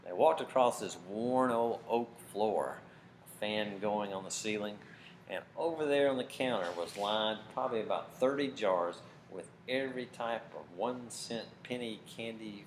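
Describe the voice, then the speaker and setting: A man telling a story to children at camp, dramatic and expressive, getting loud for big moments. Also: lowish voice. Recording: faint background noise.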